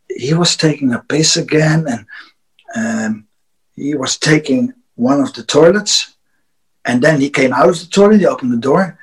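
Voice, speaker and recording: High-voiced Dutch man telling a rowdy story. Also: husky, low-quality recording. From Netherlands. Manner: laughing often, restarting words, loose and profane. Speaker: podcast guest, wrestler. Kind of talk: casual storytelling.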